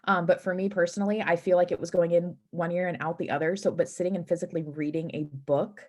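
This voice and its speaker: A woman with a somewhat low voice shares earnest, practical advice on a team video call. She pauses on fillers and restarts now and then, in a steady, matter-of-fact tone.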